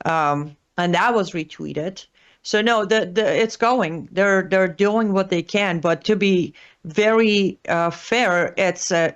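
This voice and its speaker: A woman commenting as a guest on a talk show, hesitant, with many fillers and restarts. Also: on the low side. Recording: dull lo-fi audio.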